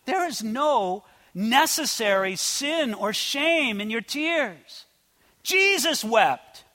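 A male pastor delivering a sermon with a high, bright, ringing voice. He swings from loud, impassioned declarations down to soft, near-whispered asides. The sound carries a long reverb from a large church hall. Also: lively intonation, slow.

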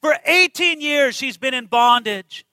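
A man's voice: very high-pitched, lively intonation, unhurried, bright, forceful tone, clear, resonant tone, no room sound, rough recording. A man preaching a sermon, emphatic and full of rhetorical questions to his listeners.

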